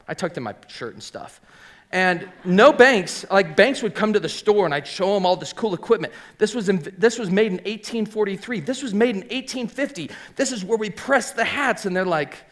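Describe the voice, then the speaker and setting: A man's voice: high voice, fairly bright tone. Chatty middle-aged man telling a story. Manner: chatty, filler-heavy, voices quoted people. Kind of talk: live personal storytelling. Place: theater stage.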